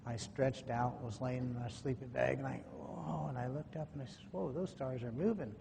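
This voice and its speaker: A man's voice: normal speed, gravelly. Folksy man telling a story in an echoey hall. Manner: folksy, acts out quoted dialogue. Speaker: conference speaker. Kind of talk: personal storytelling talk. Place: conference hall. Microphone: microphone at a podium or in hand. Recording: echoey hall, faint noise, low-quality 2009 recording.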